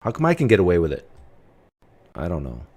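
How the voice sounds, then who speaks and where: A man's voice: low voice, wildly swooping pitch, a little fast, darkish tone, husky. A man hosting a livestream, talking bluntly and casually in a provocative, chatty way. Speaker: livestream host.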